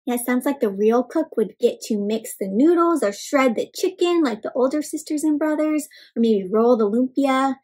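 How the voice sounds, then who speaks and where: A young adult woman with a high voice reads a picture book aloud to children. She stops often to ask questions and gasps with excitement. Her delivery is animated and engaging. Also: normal speed, few pauses. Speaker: children's storyteller. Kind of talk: interactive read-aloud for kids.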